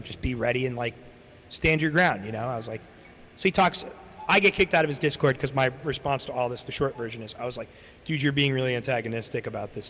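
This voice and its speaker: A man's voice: medium pitch, fairly bright tone. A young man chatting casually on his stream, rambling through a story, swearing freely and acting out what other people said. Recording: long reverb, faint background noise.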